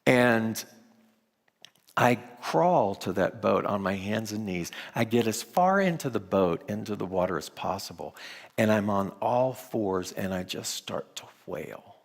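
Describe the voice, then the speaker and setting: A middle-aged man preaching a storytelling sermon, with dramatic pauses and hushed moments. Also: fairly low pitch, animated, creaky. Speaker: minister. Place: large church sanctuary. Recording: long hall reverb.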